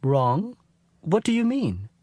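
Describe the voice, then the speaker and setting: A man's voice: fairly high pitch, huge pitch swings, slow, dark tone, breathy edge, dry recording, heavily acted. An actor playing a young office worker who keeps apologizing for his mistakes. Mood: apologetic. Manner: apologetic, flustered.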